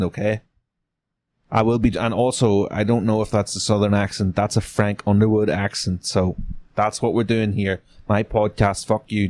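A man's voice: on the low side, a little mellow. Irreverent man reading a gamebook. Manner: irreverent, swears in asides. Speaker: podcast host. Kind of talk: reading a gamebook aloud with joking asides.

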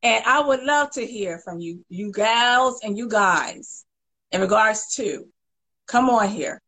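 Animated woman host, fairly high voice. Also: slow pace, poor audio. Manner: animated, emphatic, repeats and restarts phrases. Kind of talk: casual chat.

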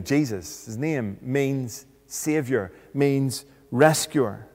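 Slow, deliberate male preacher in a reverberant hall. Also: medium pitch, darkish tone. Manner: slow, deliberate, rhetorical questions. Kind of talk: sermon.

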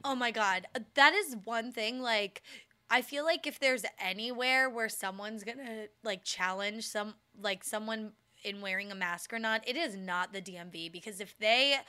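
A woman co-hosting a casual chat, mostly reacting to the story and adding quick, dry quips. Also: fairly high pitch, pushed and bright, clean tone.

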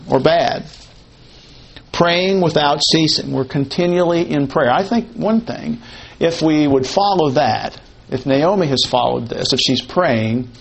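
With a gravelly, mid-range voice, a man teaches from the Bible in an expository sermon. He talks conversationally, repeats key phrases and poses questions only to answer them. The audio is poor, with a little hiss or hum.

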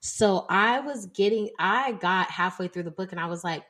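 A woman in her twenties co-hosts a casual book-chat podcast in a mid-range, slightly bright voice at a moderate pace. She's chatty, leaning heavily on "like" and "y'all."

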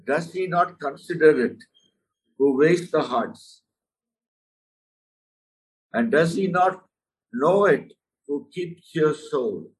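A man's voice: on the high side, distant mic, poor audio. A man preaching a sermon, earnest and emphatic, often calling the listener "my friend".

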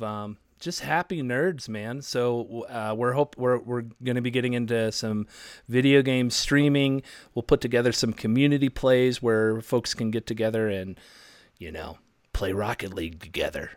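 A man's voice: mid-range voice, smooth, no echo. Man in his thirties, casual podcast co-host, rambling and jokey, dry close sound. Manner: rambling, jokey, lots of fillers.

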